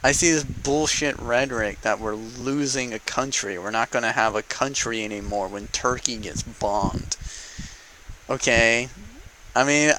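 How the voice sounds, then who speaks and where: A man vents his frustration straight into the camera in an unedited, profane political rant. His voice is bright and forceful, and he drives each point home by repeating it. A faint hiss sits under the recording. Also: mid-range voice, poor audio. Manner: heated, profane, repeats for emphasis. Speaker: vlogger.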